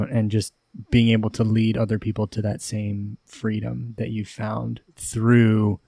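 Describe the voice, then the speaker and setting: A man's voice: on the low side, gravelly, mellow, dry recording. A man hosting a podcast, thanking his guest with appreciation. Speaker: podcast host. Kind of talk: podcast conversation.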